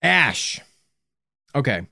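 A man's voice: mid-range voice, very slow, gravelly, slightly rough, no echo, studio quality. A man co-hosting a comedy podcast, riffing and laughing through improvised banter. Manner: laughing, animated, jokey. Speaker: podcast co-host.

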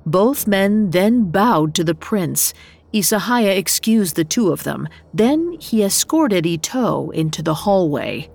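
Slow, gravelly woman narrating a story. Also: lowish voice, lively intonation, a little mellow.

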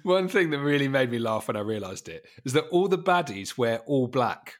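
A man's voice: medium pitch, sing-song, moderate pace. Guy on a podcast laughing while he recaps a film plot, normal middle voice. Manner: recounts plot scenes, often laughing. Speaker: podcast co-host. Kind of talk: casual film review chat.

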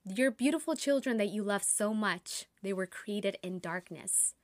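A young adult woman, a meditation teacher and podcast host, telling spiritual stories earnestly with lively bursts of excitement. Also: medium pitch, measured pace, no echo. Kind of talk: reflective spiritual monologue.

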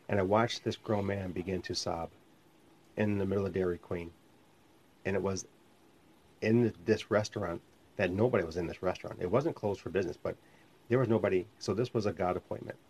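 A man's voice: low voice, a little mellow, breathy edge. A man who is a minister and podcast host, teaching in a conversational, rambling way and often correcting himself. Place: home studio called the lab. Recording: slightly muffled lo-fi sound.

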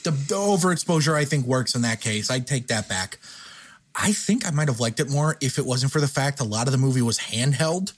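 A man's voice: medium pitch, lively intonation, fast, hardly any pauses. A man hosting a casual film review podcast, blunt and profane, often correcting himself mid-thought. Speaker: podcast host.

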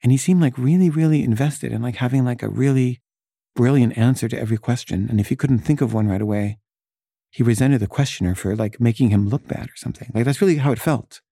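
A man's voice: mid-range voice, fast talker, vocal fry, warm tone, slightly rough, no room sound, studio quality. A man casually telling a personal story, full of "like" and "you know" fillers. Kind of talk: casual anecdote. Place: San Francisco resident in the past, not now.

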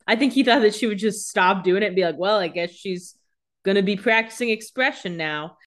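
A woman's voice: medium pitch, a little fast. Young woman chiming in with jokey asides. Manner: joking asides that paraphrase characters. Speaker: podcast co-host. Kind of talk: casual chat.

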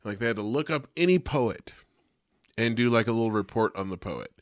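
A man's voice: mid-range voice, brisk, dry recording, clean studio sound. Young man telling a profane teacher story. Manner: animated and profane, heavy use of "like", acts out quotes. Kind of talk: casual storytelling chat.

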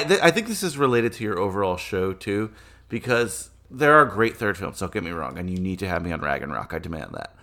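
Male podcast guest, low voice, rambling and animated storyteller. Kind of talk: casual chat.

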